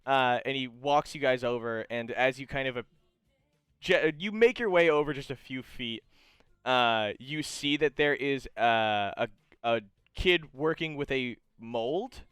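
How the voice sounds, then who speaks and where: Male game master, improvised halting narration, smooth voice, dry close recording. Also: mid-range voice, a bit bright, no room sound. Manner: halting, full of fillers and restarts.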